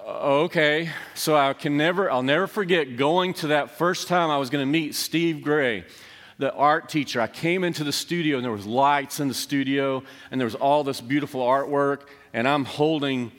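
A man's voice: medium pitch, a bit bright. A middle-aged man preaching a sermon, telling a personal story in a conversational, self-deprecating way. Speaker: pastor. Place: church sanctuary. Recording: long reverb of a church hall.

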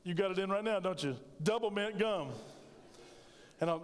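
A man's voice: on the high side, moderate pace. A middle-aged man preaching a sermon as pastor, telling stories with animation and joking with the congregation. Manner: storytelling, animated, jokes with congregation. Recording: reverberant church sanctuary.

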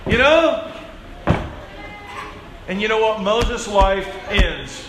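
A man preaching a sermon as pastor, telling the story with animated voices and calling on listeners by name. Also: sits high, extremely slow, pauses often, background noise. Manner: speaks directly to congregation members by name.

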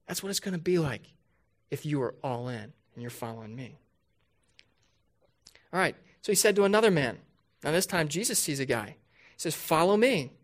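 A man's voice: a little high, lively intonation. Man preaching an emphatic, conversational sermon. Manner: conversational preaching with rhetorical questions; emphatic, slows down to stress key points. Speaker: pastor.

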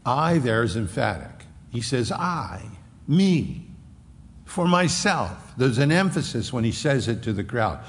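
A man preaching in an animated, emphatic way, with a gravelly edge to his voice. He hammers points home by repeating phrases. A long hall reverb trails behind every word. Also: medium pitch, measured pace. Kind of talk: expository sermon.

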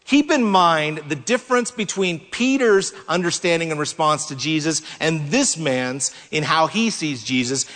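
Male preacher, higher voice, sermon delivery, deliberate emphasis, long hall reverb. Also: a bit bright. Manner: measured, slows down to stress key words.

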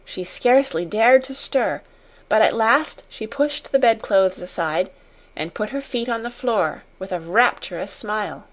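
A woman narrating an audiobook chapter in a measured, unhurried reading. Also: mid-range voice, animated. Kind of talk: scripted storybook narration.

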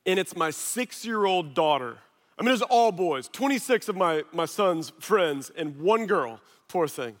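A man in his thirties, a pastor preaching a sermon through an animated personal story full of quick asides. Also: high-pitched. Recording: long hall reverb.

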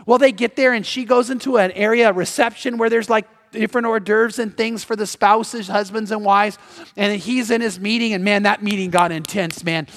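A man preaching a sermon as pastor, telling a story in an animated way and acting out the voices of the people in it. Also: high voice, normal speed. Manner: animated, acts out quoted voices. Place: church sanctuary. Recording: long reverb of a large hall.

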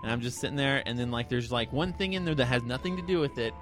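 A man casually retelling a creepy internet story to friends, rambling and animated, slipping into quoted voices. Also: medium pitch, quick pace, over music. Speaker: podcast co-host telling a creepypasta story.

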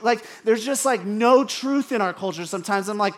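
Male pastor, high register, casual candid sermon delivery with self-deprecating asides. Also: moderate pace, hardly any pauses, noisy background. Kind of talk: conversational sermon. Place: church congregation.

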